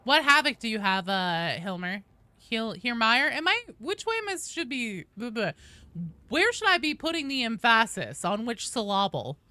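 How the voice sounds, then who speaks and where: A chatty, excitable woman streaming a game and greeting her viewers one by one. Her fairly high, bright voice leaps up and down constantly, and the recording is close and dry. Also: moderate pace, no echo. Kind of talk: casual live-stream chat.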